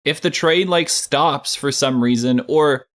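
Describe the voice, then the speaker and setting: A young man with a medium-pitched voice, co-hosting a casual podcast. He explains things in a relaxed way, often restarting his sentences as he goes. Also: measured pace. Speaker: podcast co-host.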